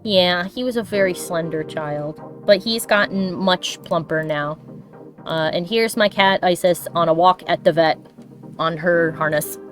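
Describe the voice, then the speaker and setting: A woman streamer and artist chats casually and affectionately on her live stream as she draws, laughing often. Her voice is lowish and measured in pace, with faint music in the background.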